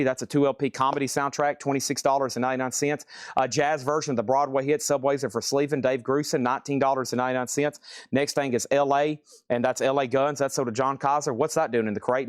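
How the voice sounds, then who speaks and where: A man selling vinyl on a live stream, calling out titles and prices in quick bursts. His voice sits in a middle pitch, and he breaks in often with surprised exclamations. The sound is dry and close, with no room echo. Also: clear, resonant tone. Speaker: record seller running a live auction. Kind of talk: live online sales stream.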